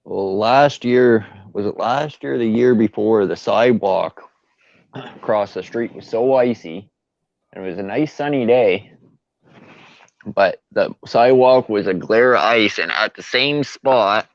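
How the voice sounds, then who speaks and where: Low-voiced man on a call. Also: unhurried, dry recording. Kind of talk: casual chat on a video call. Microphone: video call. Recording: dry, muffled call audio.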